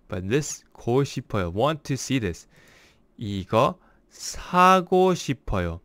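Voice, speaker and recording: A man giving a casual language lesson, explaining phrases word by word and slowing down for examples. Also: mid-range voice, fairly bright tone, dry recording. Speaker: language teacher.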